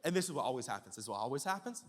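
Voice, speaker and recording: A man pastor preaching a sermon, firing off rhetorical questions and building up to shouts at the peaks. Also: mid-range voice, sing-song, rapid-fire. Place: church sanctuary. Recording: long church-hall reverb.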